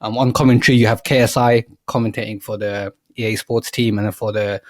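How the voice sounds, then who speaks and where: A man's voice: lowish voice, steady tone, fast, no echo. Man, young adult, podcast co-host, rambling storyteller, voices the characters' lines, dry close sound. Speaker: podcast co-host pitching a film idea. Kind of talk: casual podcast chat.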